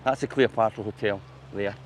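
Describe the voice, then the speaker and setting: Scottish man, fairly low voice, easygoing chat, faint noise behind, outdoors. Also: fairly even intonation, brisk. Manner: easygoing, with frequent "eh" fillers. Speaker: guest on a walk. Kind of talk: casual conversation while walking. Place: outdoors on a seafront promenade. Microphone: wireless lapel mic.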